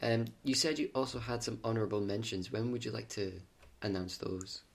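Man, fairly low voice, trips over words, self-deprecating, podcast co-host. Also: brisk, vocal fry. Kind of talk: casual chat.

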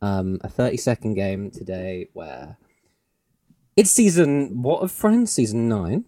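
Man, podcast co-host, mellow tone, dry close sound, chatty, laughs a lot. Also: lowish voice, big pitch swings, unhurried, no echo. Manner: chatty, laughs often, rambling restarts. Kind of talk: casual chat.

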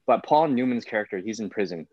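A man's voice: fairly low pitch, animated, quick pace, a little mellow, husky, no echo. A man, an actor, talking casually in an interview, rambling with many fillers. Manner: rambling, full of fillers like "like" and "whatnot". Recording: dull, lo-fi sound.

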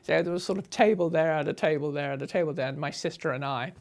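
An older woman from the south of England tells her travel memories in a relaxed, chatty voice. Her pitch sits a little low, and light laughs keep breaking into her phrases. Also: fast. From England (Sussex). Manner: chatty, anecdotal, laughs often between phrases. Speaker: traveller recounting her journey. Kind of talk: conversational travel memoir.

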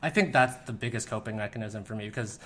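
A young man talking candidly as an interview guest, relaxed, with many fillers. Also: fairly low pitch, fast talker. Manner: laid-back, lots of fillers, frequent "like". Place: room in the Philippines.

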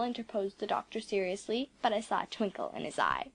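Expressive woman narrating a story. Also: medium pitch, fairly quick, creaky, few pauses, dry recording. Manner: expressive, dramatic reading with whispered asides. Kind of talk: first-person storybook narration.

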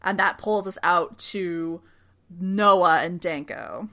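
A woman co-hosting a casual show recap, animated and acting out characters in quick put-on voices. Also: fairly low pitch. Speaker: podcast co-host.

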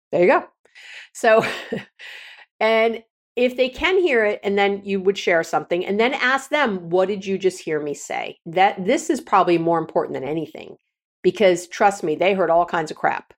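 A woman's voice: medium pitch, expressive, normal speed. A middle-aged woman hosting a podcast, giving frank, casual relationship advice with many restarts and repeated words. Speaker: podcast host and counselor.

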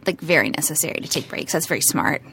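Woman podcast host, casual chat, animated, jokey, some swearing. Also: low-pitched, quick pace, creaky, husky.

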